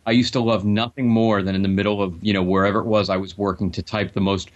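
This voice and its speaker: A man's voice: fairly low pitch, level tone, fast talker, lo-fi sound. A man co-hosting a podcast in casual chat, rambling, sardonic and crude. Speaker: podcast co-host.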